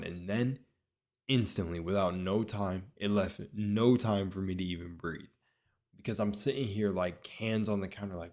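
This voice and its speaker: A young man with a low, deep voice tells a story in a loose, casual way. He rambles, circles back and corrects himself, and fills his sentences with "like" and "um.". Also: moderate pace. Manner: rambling, lots of filler words, self-correcting. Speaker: vlogger.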